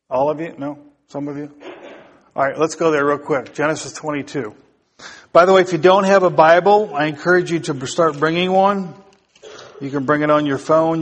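A male pastor preaching a sermon to his congregation, building emphasis through repeated phrases and putting questions to the listeners. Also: fairly high pitch. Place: church sanctuary. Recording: long hall reverb.

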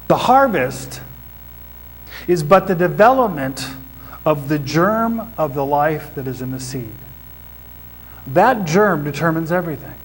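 A man's voice: fairly high pitch, poor audio. A man preaching a sermon to a congregation, explaining scripture as a teacher and putting questions to his listeners. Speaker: pastor. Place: church before a congregation.

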